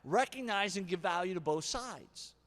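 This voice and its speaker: A man preaching a sermon as pastor, animated, acting out harsh and gentle examples. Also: sits high, moderate pace. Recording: long hall reverb.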